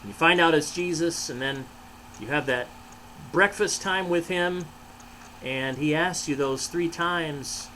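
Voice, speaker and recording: A pastor reading a children's story aloud in the first person, expressive and sometimes hushed, and speaking directly to children. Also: male voice, fairly high pitch, unhurried, a little hiss or hum, rough recording.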